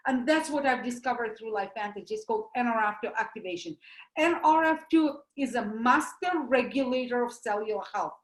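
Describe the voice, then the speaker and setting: A high-voiced woman with a Russian accent explains things in an animated way, throwing out questions and answering them herself. Her voice rings around an echoey room. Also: a little fast. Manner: animated, uses homely comparisons, asks and answers her own questions. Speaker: doctor promoting supplements. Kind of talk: lively presentation talk.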